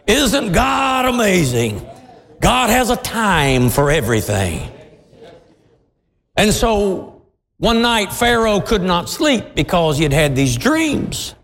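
A man preaching a sermon as pastor, dramatic and storytelling, bursting into shouts now and then. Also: high voice. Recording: long hall reverb.

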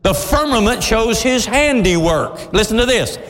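A man preaching with fervor, his voice pitched high and swinging widely from low murmurs to soaring shouts. He takes his time, and each word rings out with a long hall reverb behind it. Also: lively intonation, measured pace, few pauses. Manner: impassioned, rising to shouts. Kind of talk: sermon.

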